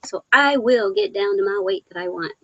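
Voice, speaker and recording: A woman's voice: medium pitch, expressive, normal speed, pushed and bright, no room sound, dull audio. A woman hosting a casual live Q&A stream. She reads viewer comments aloud, laughs often and talks with affection, though she is worn down emotionally. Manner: affectionate and chatty. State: emotionally worn after a hard weekend.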